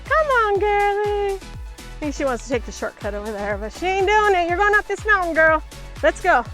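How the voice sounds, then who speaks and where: High-voiced woman chatting on a hike. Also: expressive, a little fast, a bit bright, soft background music. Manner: chatty, chuckles often, talks to her dog. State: a little out of breath. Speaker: travel vlogger. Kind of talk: casual chat while hiking. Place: outdoors on a hillside trail. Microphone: handheld pocket camera.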